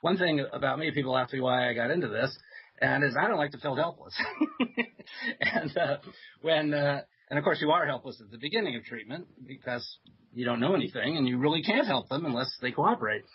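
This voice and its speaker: A man who is a psychiatrist, telling stories as a guest on a talk radio show, hesitant with fillers and soft laughs. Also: medium pitch, animated, a little fast, breathy edge. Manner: chatty storyteller with many fillers and soft laughs. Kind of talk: radio interview anecdote. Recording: dull lo-fi radio audio.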